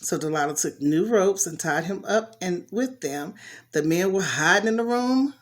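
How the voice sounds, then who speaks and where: A woman's voice: lowish voice, expressive, normal speed. A woman reading a Bible story aloud in a casual way, stopping to comment on it in slangy asides. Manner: chatty, talks back to the story with slang asides.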